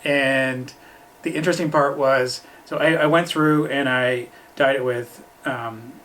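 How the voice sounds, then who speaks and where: A man's voice: mid-range voice, steady tone, unhurried, a bit bright. A man co-hosting a casual knitting podcast, talking easily and laughing mid-sentence at home. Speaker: podcast co-host, yarn dyer. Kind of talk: casual chat.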